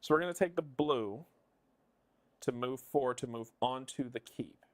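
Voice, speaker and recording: A man with a medium-pitched voice speaks at a moderate pace while live streaming a board game. He thinks out loud casually, musing and counting his moves under his breath.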